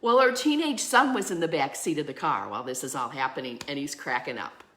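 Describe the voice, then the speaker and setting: A woman's voice: low voice, lively intonation, fairly quick. A woman minister giving a sermon, telling a story with animation and acting out the voices in it. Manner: drops to a soft hush at the close.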